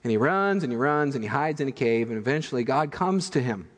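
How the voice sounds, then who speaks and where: A man preaching a sermon as pastor, telling stories in an animated, humorous way. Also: mid-range voice, fairly quick, in a large hall. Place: church sanctuary.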